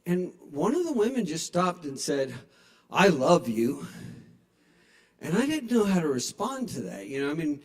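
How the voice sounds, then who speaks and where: A man works a small bar crowd through a stage microphone, playful and self-mocking. His voice sits high for a man. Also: huge pitch swings, brisk, few pauses. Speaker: stand-up comedian. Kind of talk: stand-up comedy set. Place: small bar at a live open mic. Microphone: handheld stage microphone.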